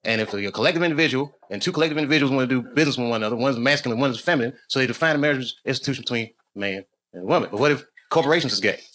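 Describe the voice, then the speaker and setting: A man's voice: mid-range voice, racing, hardly any pauses. A man doing a live stand-up set, profane and riffing with the crowd. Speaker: stand-up comedian. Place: live comedy venue. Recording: loud background noise.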